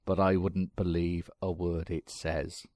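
A man voicing a proud elderly grandfather who invents things, exclaiming with excitement. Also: low-pitched, a little slow, dry recording, clean studio sound. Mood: wry.

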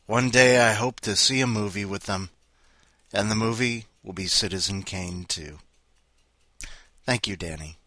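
A man's voice: lowish voice, bright, forceful tone, dry recording. A man hosting a podcast, rambling and joking in casual chat. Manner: rambling, jokey. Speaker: podcast host.

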